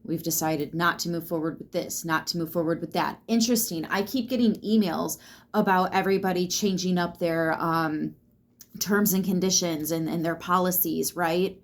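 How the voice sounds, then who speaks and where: Low-voiced woman giving a casual tarot reading. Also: fairly even intonation, normal speed. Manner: loose and chatty, swears freely, lots of fillers; reassuring, speaks straight to the listener. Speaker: tarot reader.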